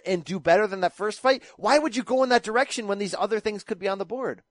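High-voiced man arguing boxing picks, dry sound. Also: fast talker, hardly any pauses, no echo. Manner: emphatic, explains and argues his picks. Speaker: podcast host. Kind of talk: casual sports chat.

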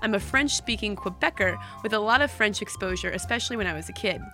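Woman podcast cohost, bright voice, chatty, trips over her words a bit, reads out listener emails. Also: mid-range voice, expressive, fast talker, faint music behind. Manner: chatty, restarts and repeats words. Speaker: podcast co-host. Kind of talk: casual podcast chat and reading listener mail.

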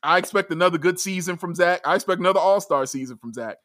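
Excitable high-voiced sports podcast man. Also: fast, no room sound, clean studio sound. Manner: excitable, laughs often, raises voice when thrilled. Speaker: podcast co-host. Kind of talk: casual sports talk.

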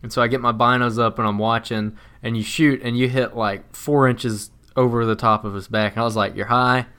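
A man of middle pitch co-hosts a casual podcast and recounts a hunt. He tells it in a plain, steady way, with sudden excited bursts. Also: fairly quick, smooth. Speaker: podcast co-host. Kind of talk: casual hunting storytelling.

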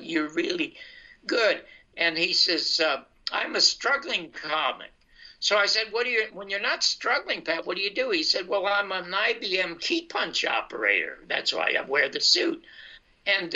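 An older man, a guest comedian, telling an anecdote over a video call and quoting the people in it. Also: high voice. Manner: animated storyteller quoting others in dialogue. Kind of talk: storytelling anecdote. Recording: muffled internet call line.

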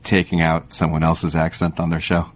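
A man co-hosting a podcast, talking in a quick, wry, joking manner. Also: deep voice, completely flat delivery. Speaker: podcast co-host. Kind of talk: casual podcast chat.

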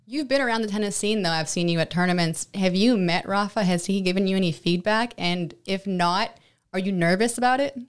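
A woman from Serbia hosting a podcast, asking quick, enthusiastic questions. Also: mid-range voice, smooth. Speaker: podcast host. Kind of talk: casual interview.

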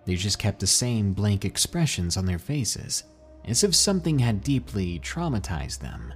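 A man narrating a scary first-person story for a podcast in a measured, suspenseful way. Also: lowish voice, very animated. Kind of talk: scripted horror narration. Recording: soft music behind.

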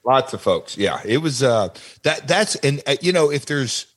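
An older man, a retired wrestler and guest, recalling backstage moments in a halting, rambling casual chat. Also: mid-range voice, expressive, breathy edge.

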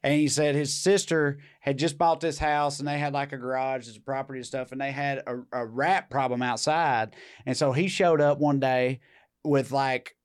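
A man's voice: medium pitch, steady tone, normal speed, smooth. A man co-hosting a podcast, rambling through crude jokes and stories in casual banter. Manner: crude, joking, rambling storyteller. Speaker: podcast co-host.

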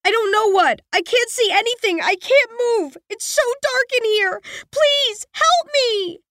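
A woman's voice: extremely high pitch, unhurried, fairly bright tone, no room sound, studio quality, pitched above the performer's own voice, full character voice. A woman voicing a terrified young girl trapped in a coffin, pleading in panicky cries. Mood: desperate.

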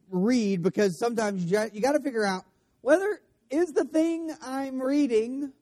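Pastor, male, high voice with a warm, mellow tone; casual sermon delivery, restarts his phrases, light humor. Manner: casual, self-correcting, with joking asides. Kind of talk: conversational sermon.

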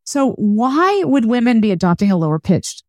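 A woman's voice: a little high, big pitch swings, moderate pace, darkish tone, no room sound. A woman linguist and author speaking as a podcast guest, explaining research. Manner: explanatory, academic, demonstrates voice qualities. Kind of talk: podcast interview.

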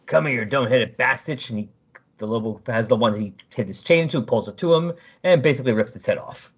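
Husky-voiced man recapping a comic. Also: lowish voice, fast. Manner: animated storytelling with voices. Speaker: podcast host. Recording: dull lo-fi recording.

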